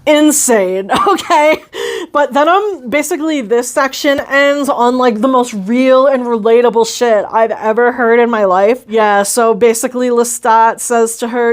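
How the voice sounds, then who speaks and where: Young woman book vlogger, loose and profane, somewhat high register. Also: a little slow. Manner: slangy and profane, lots of "like". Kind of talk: casual book commentary.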